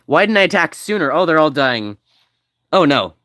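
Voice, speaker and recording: A man giving casual, rambling commentary as he plays a game, now and then reading game text aloud quickly. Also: on the high side, very animated, pushed and bright, no echo. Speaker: game streamer.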